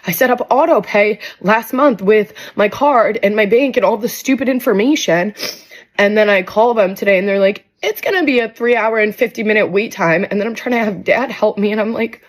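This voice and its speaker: Casting: woman, mid-pitched, exasperated vent with swearing. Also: fairly quick. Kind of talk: casual social media vent.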